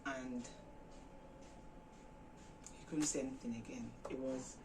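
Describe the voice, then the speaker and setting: Woman vlogger, casual storytelling, animated, filler-heavy, mic a little far off. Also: a bass voice, takes it slowly, noisy background. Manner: chatty, animated, many fillers. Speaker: vlog host. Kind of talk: casual storytelling retelling a film.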